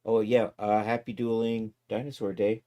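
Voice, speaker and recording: A man's voice: fairly low pitch, flat delivery, normal speed, warm tone. A man streaming live, chatting casually and thinking aloud as he wraps up and looks for a channel to raid. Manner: easygoing, thinks aloud while clicking around.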